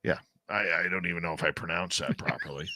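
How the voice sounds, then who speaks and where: A man's voice: deep voice, steady tone, fast, bright, forceful tone, slight background noise. A man hosting a talk radio show, chatting casually with his co-host and reading news aloud.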